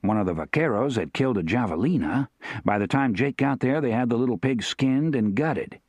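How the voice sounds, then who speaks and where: A man narrating a western novel as an audiobook, telling the story in a steady, expressive way. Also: medium pitch, fairly quick, dry recording.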